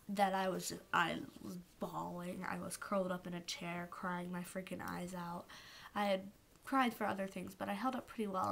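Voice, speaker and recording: Gushing young woman with a creaky voice. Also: medium pitch, slight background noise. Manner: gushing and emotional, drifting into soft whispers. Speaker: vlogger. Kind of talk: casual fan rant to camera.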